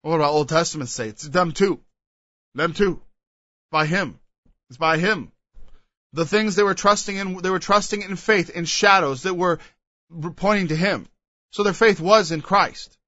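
A man's voice: high-pitched, a little slow, long pauses, bright, forceful tone, no room sound, muffled recording. A man preaching a Bible sermon, reading verses aloud and then explaining them with emphatic asides.

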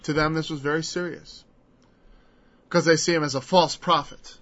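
A man's voice: on the high side, fairly even intonation, normal speed, fairly bright tone. A man preaching a verse-by-verse Bible teaching in a conversational way, acting out the people he quotes in changed voices. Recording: dull lo-fi recording.

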